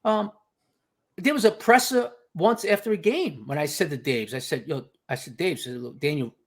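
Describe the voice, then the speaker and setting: A man's voice: fairly high pitch, moderate pace. A man, a guest insider on a sports podcast, talking emphatically and telling stories with lots of "you know" and "okay". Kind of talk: casual sports podcast chat.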